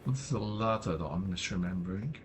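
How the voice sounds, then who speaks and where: A British man with a slightly scratchy throat, giving low-key, casual live commentary while playing a game, often muttering to himself. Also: expressive, fairly quick, soft background music. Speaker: game streamer.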